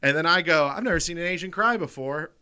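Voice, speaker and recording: A man's voice: fairly high pitch, fast talker, pushed and bright, clean tone. A man with an American accent co-hosting a comedy podcast, telling profane stories and laughing through them. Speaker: podcast co-host. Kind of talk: casual storytelling.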